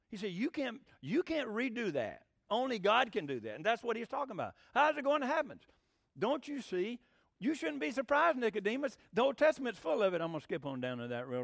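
A folksy middle-aged preacher with a drawl, his voice sitting high and swooping up and down as he preaches. He keeps asking the room questions. The sound is dry and close. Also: gravelly, no room sound. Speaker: pastor. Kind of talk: sermon.

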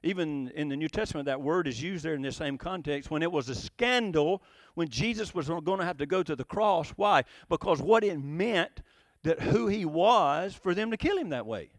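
A man preaching a sermon, animated, asking rhetorical questions and chuckling between points. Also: a little high, moderate pace, dry recording, studio quality.

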